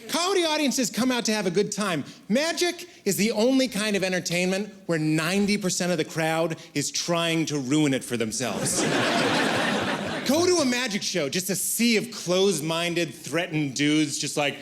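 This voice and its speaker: A man doing a stand-up comedy set, telling jokes in an animated way and jumping into high mock voices. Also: normal speed, very noisy.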